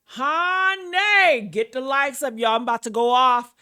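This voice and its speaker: A woman's voice: high voice, a little slow, hardly any pauses, sharp tone, clean tone. A woman ranting in a sassy, brash and profane gossip commentary, calling her listeners y'all and honey.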